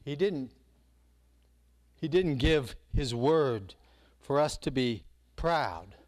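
A man's voice: medium pitch, slow. A man preaching a sermon, telling a story with energy and acting out the quotes. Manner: animated storytelling, acts out quotes.

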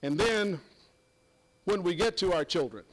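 A man's voice: high-pitched, animated, unhurried, rough recording. An older man preaching a sermon, folksy and emphatic, with sudden exclamations.

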